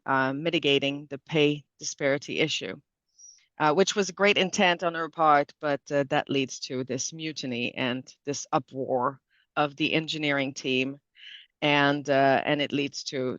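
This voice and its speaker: A man in his thirties from Canada, speaking as the guest expert in a relaxed interview, pausing often with fillers and restarts. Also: a little high, no echo. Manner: thoughtful, with frequent fillers and restarts. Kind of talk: conversational interview. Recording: dull, dry lo-fi sound.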